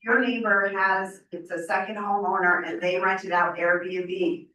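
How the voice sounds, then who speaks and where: A woman's voice: medium pitch, little pitch movement, a little slow, sharp tone. A woman in the audience at a town meeting pressing the candidates with a question, her voice a little worn. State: slightly lost voice. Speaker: resident asking a question. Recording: distant voice in a very echoey hall, faint room noise.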